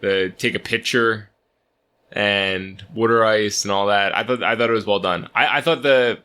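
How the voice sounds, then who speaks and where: A man's voice: fairly low pitch, normal speed, sharp tone, clear, resonant tone. A young man co-hosting a casual sports podcast, rambling with lots of restarts and "like". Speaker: podcast co-host.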